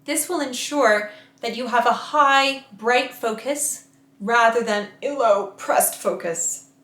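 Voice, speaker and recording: A woman voice coach leading a guided vocal warm-up lesson, giving slow, carefully enunciated instructions and demonstrating each exercise. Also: on the high side, roomy sound.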